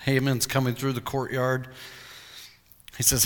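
A male pastor preaching a sermon, retelling a story in an animated storytelling way. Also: mid-range voice, normal speed. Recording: long hall reverb.

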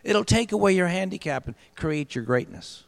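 A middle-aged man preaching a sermon, telling a story and building to loud emphatic peaks, slowing down on key phrases. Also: high voice, animated, creaky. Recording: long hall reverb with mains hum.

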